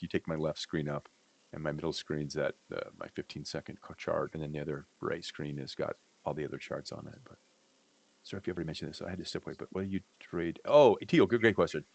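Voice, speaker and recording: Low and steady with some vocal fry, this man's voice moves fairly quickly as he co-hosts a livestream. The trading talk is casual and joking, full of rambling and self-interruptions.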